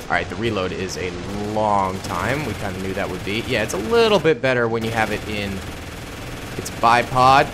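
Young man, gaming commentary, lively swooping voice, sudden loud yells, casual slang. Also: lowish voice, normal speed, noisy background. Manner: excitable, bursts of loud yelling, casual slang. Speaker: gaming YouTuber. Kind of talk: excited gameplay commentary.

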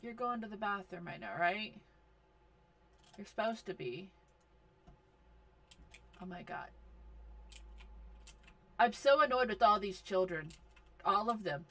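A woman giving casual commentary over a life-simulation game, talking slowly and bossing her characters around in exasperation. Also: mid-range voice, lively intonation, fairly bright tone. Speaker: gaming video host.

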